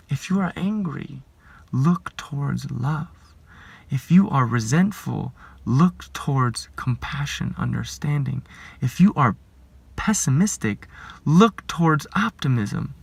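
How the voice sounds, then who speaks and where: A man, a life coach, giving a reflective spiritual talk, earnest and measured, asking rhetorical questions and sometimes dropping to a hushed whisper. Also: mid-range voice, creaky, breathy edge, no room sound.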